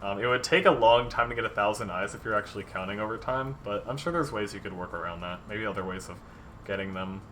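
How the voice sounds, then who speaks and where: Low-ish bright-voiced guy livestreaming his game prep, lots of ums, reads out viewer ideas, faint hiss and typing in the background. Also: fast. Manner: rambling, many ums, reads viewer submissions aloud. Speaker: dungeon master streamer. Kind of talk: casual livestream chat while designing game content.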